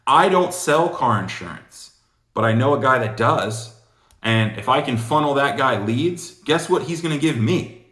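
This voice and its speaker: A man's voice: medium pitch, lively intonation, normal speed, a bit bright. A man giving casual sales coaching, rambling and full of "you know" asides. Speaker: sales trainer. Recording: echoey room.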